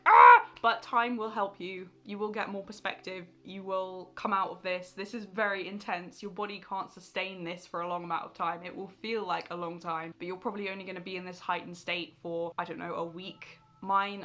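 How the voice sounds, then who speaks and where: A young adult woman speaking candidly to camera in a personal vlog, emotionally expressive and willing to laugh at hard memories. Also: on the low side. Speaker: vlogger. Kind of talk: personal confessional talk to camera.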